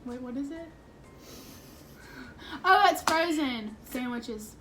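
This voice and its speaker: A woman's voice: high-pitched, expressive, slow, noisy background. A young woman, the host's roommate, chatting casually and tossing in playful quips, with music behind. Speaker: roommate guest. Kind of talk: casual chat.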